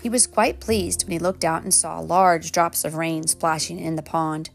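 A woman reading a children's storybook aloud, gently, turning now and then to talk to the children. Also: low voice, steady tone, normal speed, gravelly, soft background music. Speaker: storybook reader.

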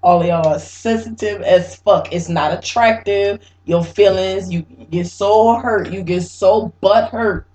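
A woman's voice: mid-range voice, unhurried, hardly any pauses, warm tone. A woman co-hosting a casual podcast chat, emphatic and scolding. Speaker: podcast co-host. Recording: roomy echo.

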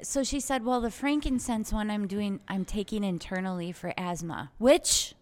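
A young woman at a middle pitch, talking in a chatty, animated way. She tells a casual story, slipping into quoted voices of herself and a customer. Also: normal speed. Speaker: podcast co-host, aromatherapy shop owner.

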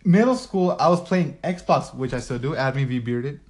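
A young man co-hosting a casual podcast, tossing in short joking quips. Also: normal speed. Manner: joking, short quips, lively pitch swings. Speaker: podcast co-host.

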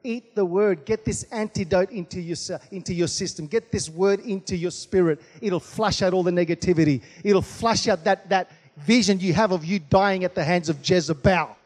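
A man's voice: sits high, normal speed. A man preaching a sermon as pastor, punctuating his points with calls of amen and hallelujah. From Australia. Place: large church hall. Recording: long hall reverb.

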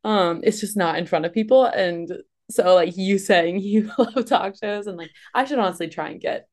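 A woman's voice: mid-range voice, normal speed, a little mellow. A woman hosting a podcast, chatting casually with a guest in a gushing way, with lots of filler words. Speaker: podcast host. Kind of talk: casual interview chat.

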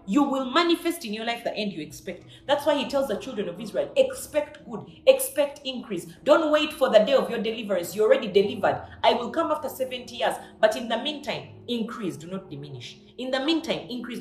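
A woman preacher giving a devotional sermon, emphatic and repeating her key lines for effect. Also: mid-range voice. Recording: echoey room.

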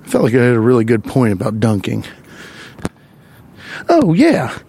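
Here a podcast host with a husky, mid-range voice rants at normal speed, swearing and sounding exasperated in a comic, animated way. He's out on a wooded trail as he talks.

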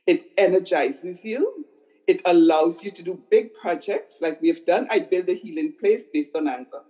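A woman's voice: on the low side, animated, normal speed, dark tone, poor audio. Older woman therapist recounting with emphatic repeats. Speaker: psychotherapist guest. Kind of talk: conversational storytelling.

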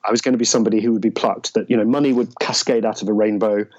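Guest, male, low-ish voice, thoughtful storytelling, searches for words; dull lo-fi sound. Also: steady tone, a little mellow. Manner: halting, searching for words, many restarts. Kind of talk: reflective storytelling in conversation.

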